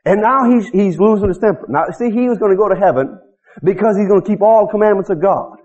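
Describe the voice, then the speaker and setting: A man's voice: high-pitched, fast talker, a little mellow, dull audio. A man preaching a sermon as pastor in a folksy, repetitive way, often calling out to the congregation for an answer.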